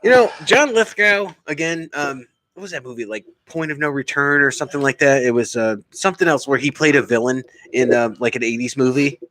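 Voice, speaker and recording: A man's voice: medium pitch, brisk, hardly any pauses, fairly bright tone, no room sound. A man co-hosting a casual podcast, joking with a friend, laughing often and riffing on movie quotes. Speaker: podcast co-host. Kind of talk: casual banter between friends.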